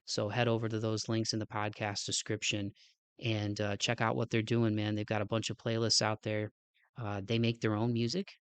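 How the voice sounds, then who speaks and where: A man's voice: lowish voice, monotone, moderate pace, smooth. A man hosting a podcast, a casual outro, with a nasal, stuffed-up voice, a little out of breath, talking in an earnest, rambling way and often adding "man.". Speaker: podcast host.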